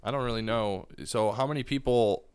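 Male podcast host asking short, curious questions, with a smooth, resonant voice and a dry, close sound. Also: medium pitch, fairly quick, a little mellow, no room sound. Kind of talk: casual podcast interview.

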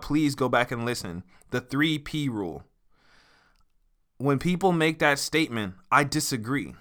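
Bright-voiced man hosting a motivational podcast. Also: medium pitch. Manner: earnest, emphatic, slows down for key words. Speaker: podcast host.

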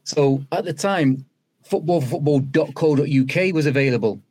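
A man's voice: fairly high pitch, normal speed. British guy on a podcast, chatty storytelling, does little voices for quotes. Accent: British English. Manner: animated, acts out quoted dialogue. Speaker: podcast guest, former footballer. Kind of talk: conversational storytelling.

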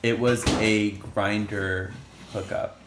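A man's voice: on the low side, little pitch movement, very slow, roomy sound, background noise. A man in his late twenties, a podcast guest, telling a story hesitantly with lots of ums. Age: 20s. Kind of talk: casual chat.

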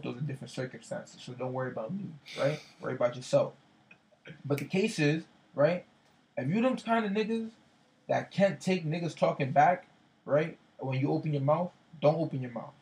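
A man's voice: medium pitch, gravelly, a little mellow, low-quality recording. A man in casual chat, retelling an argument with lots of slang and profanity, repeating himself as he goes. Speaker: storyteller in a casual conversation.

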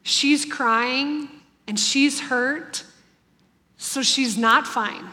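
A woman's voice: high-pitched, very slow, sharp tone. A woman in her thirties giving an earnest, heartfelt devotional talk to a congregation about family life. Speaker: church speaker on family life. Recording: long hall reverb.

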